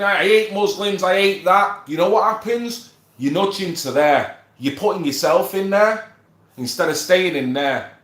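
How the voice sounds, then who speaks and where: A man's voice: sits high, echoey room. A man ranting to his viewers in a casual monologue, swearing often and asking them if he's wrong. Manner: animated, swears a lot, asks viewers for agreement. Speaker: political vlogger.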